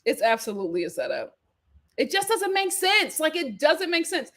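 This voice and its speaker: A woman hosting a live reality TV recap, chatting in an animated, gossipy way. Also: high-pitched, moderate pace. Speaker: host.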